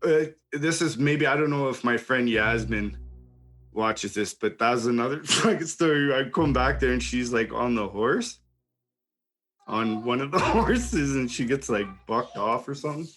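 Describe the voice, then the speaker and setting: A man's voice: medium pitch, lively intonation, measured pace, fairly bright tone, faint music behind. A young man telling a wild story in casual chat, swearing, laughing and acting out what people said. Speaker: podcast host telling a story.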